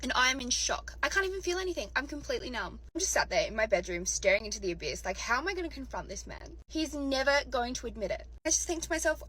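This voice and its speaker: A young woman recounts a personal story in an emotional, animated monologue, her slightly high, slightly rough voice racing along with almost no pauses. When she gets outraged, her voice cracks and climbs to near shouts. The clip's audio is poor.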